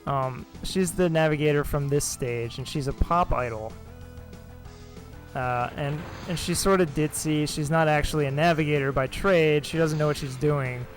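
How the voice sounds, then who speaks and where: A man with a slightly high voice chats casually on a gaming livestream. He rambles along, stopping and restarting his thoughts and chuckling often. Faint music plays under his talk. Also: normal speed. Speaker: stream host and translator.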